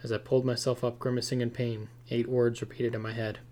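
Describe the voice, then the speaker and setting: A man narrating a first-person scary story aloud in a steady, tense delivery. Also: mid-range voice, brisk, few pauses.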